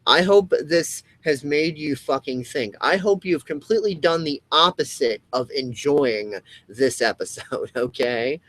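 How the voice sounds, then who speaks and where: A man's voice: medium pitch, fairly bright tone, no echo, low-quality recording. A man in a profane ranting monologue. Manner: profane, emphatic, repetitive ranting with frequent restarts. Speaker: comedy web show host. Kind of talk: impassioned solo rant to camera.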